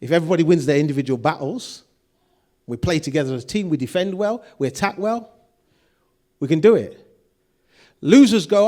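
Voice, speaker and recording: A man's voice: fairly high pitch, expressive, a little fast, pauses often, dark tone. A man preaching a sermon, acting out quoted voices and putting questions to the congregation. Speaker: pastor.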